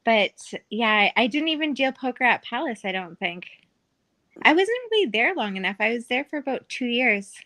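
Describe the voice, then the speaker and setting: Bright, forceful, and sing-song, this fairly high female voice moves at normal speed as the former casino dealer tells casual stories as a podcast guest. She's chatty, full of fillers, and laughs a lot.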